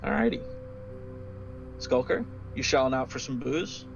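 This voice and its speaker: A man's voice: medium pitch, expressive, measured pace, vocal fry, dull audio, music in the background. A man running a tabletop game as game master, narrating loosely with lots of fillers. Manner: loose, rambling, many fillers.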